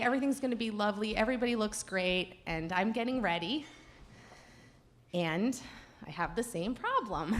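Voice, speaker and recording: A woman with a mid-range voice performs at a live storytelling night. She shares a personal tale at her own expense, lively and self-mocking throughout.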